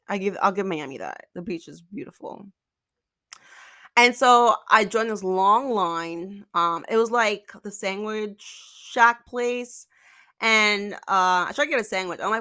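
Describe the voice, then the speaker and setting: A woman's voice: medium pitch, measured pace, bright, forceful tone. A young woman telling a storytime vlog in a chatty, exasperated way, full of fillers. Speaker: vlogger.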